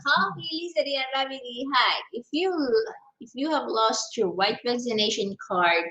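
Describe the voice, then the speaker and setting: A woman's voice: a little high, moderate pace, over a noisy crowd. Woman reading viewer comments, roomy echo. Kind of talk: casual livestream chat.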